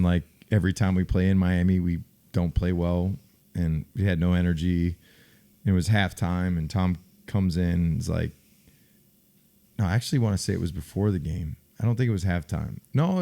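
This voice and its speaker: A middle-aged man with a fairly low voice chats casually about sports as a podcast co-host. He tells stories with animation and breaks into loud acted quotes from teammates. He talks in a relaxed, offhand way. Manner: animated storyteller, acts out loud shouted quotes. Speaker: podcast co-host, former pro football player. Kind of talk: casual sports chat and storytelling.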